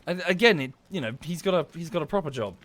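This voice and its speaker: A man's voice: fairly high pitch, lively intonation, fast, fairly bright tone, no room sound. A man from southern England with an Estuary English accent, talking casually while he plays a game on a livestream, thanking viewers by name and swearing under his breath at the game. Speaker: game streamer.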